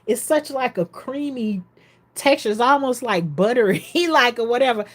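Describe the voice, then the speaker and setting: A woman acting out her amazed, gushing friend in a slightly higher voice while retelling a story. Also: lively intonation, moderate pace.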